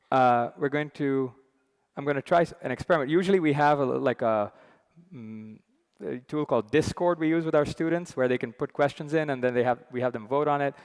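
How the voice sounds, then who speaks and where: A man introducing himself as session chair on a conference stage, relaxed and chatty with many fillers. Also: mid-range voice, smooth. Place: large conference hall. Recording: long hall reverb.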